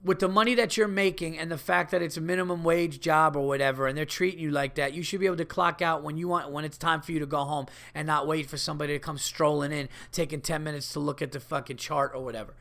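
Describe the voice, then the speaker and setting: A man with a high, gravelly voice rants on his podcast, loud and profane. His tone is bright and edgy, and he swears through every sentence. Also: fairly even intonation, quick pace, few pauses. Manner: profane, heated ranting. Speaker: podcast host. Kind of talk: solo podcast rant.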